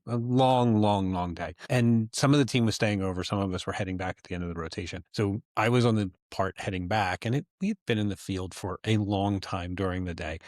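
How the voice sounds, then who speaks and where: Low-voiced man telling a podcast story. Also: no room sound, clean studio sound. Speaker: podcast co-host, former tactical medic.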